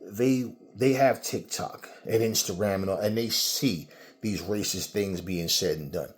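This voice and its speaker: A man's voice: on the low side, a little slow. A man delivering a heated, profane commentary monologue, repeating himself as he argues. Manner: angry, profane, repetitive.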